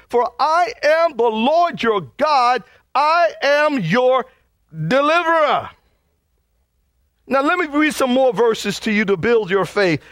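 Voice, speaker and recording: A man's voice: very high voice, a bit bright, dry recording. A man preaching a sermon as pastor, urging his congregation with fervent, repeated calls.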